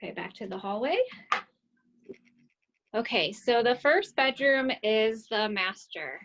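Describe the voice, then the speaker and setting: A woman's voice: on the high side, expressive, a little slow, highs cut off, noisy background. A woman real estate agent casually giving a virtual home tour over a phone video call, with frequent fillers.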